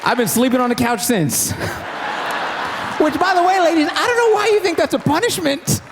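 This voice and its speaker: Stand-up comic, male, higher-pitched, lively storyteller, live crowd loud in the room. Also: moderate pace, noisy background. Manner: animated, storytelling, mock-exasperated. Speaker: stand-up comedian. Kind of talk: stand-up comedy. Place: comedy stage before a live audience.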